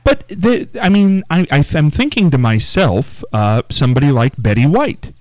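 Male interviewer with a lively, swooping pitch. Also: dry recording, rough recording. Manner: halting, restarts his questions. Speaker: interviewer host. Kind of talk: interview questions.

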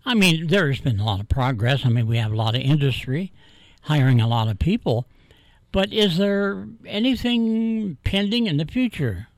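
A man's voice: fairly high pitch, expressive, moderate pace, dry recording. An older man co-hosting a live radio show, chatting in a folksy way and making dry quips. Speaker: radio co-host. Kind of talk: casual live radio chat.

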